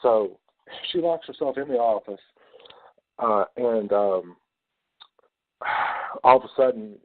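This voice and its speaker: A man hosting a podcast, retelling a film scene in a casual, profane, animated way. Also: mid-range voice, slow pace. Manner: swears a lot, animated retelling. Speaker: podcast host. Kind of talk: casual movie discussion. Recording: tinny phone-like lo-fi audio.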